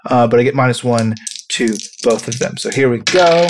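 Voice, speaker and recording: A man's voice: medium pitch, normal speed, noisy background. A man playing a tabletop role-play game, explaining rules in a rambling, casual way with some swearing.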